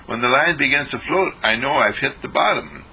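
Gravelly, husky male storyteller. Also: mid-range voice, animated, sharp tone, low-quality recording. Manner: rambling, chuckling, with pauses and repeated words. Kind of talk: spiritual storytelling.

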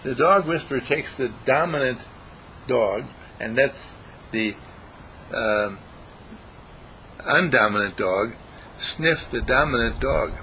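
A man giving an informal spiritual talk, animated and acting out voices as he goes. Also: medium pitch, slow, pauses often, slight background noise, rough recording. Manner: animated, acts out voices, chuckles often.

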